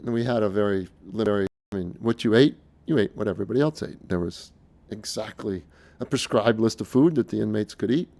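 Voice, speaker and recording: An earnest middle-aged man speaking off the cuff in a lowish, gravelly voice. He talks in a halting way, circling back and restarting his phrases as he goes. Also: a little mellow. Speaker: speaker recounting his experiences. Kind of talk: casual unscripted monologue.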